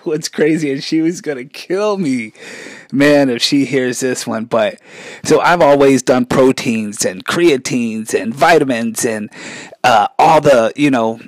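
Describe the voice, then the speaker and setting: A vlog host in his 40s delivers a casual rant in a mid-range voice at a measured pace. He rambles sarcastically and often cuts himself off mid-sentence, and there is no room sound.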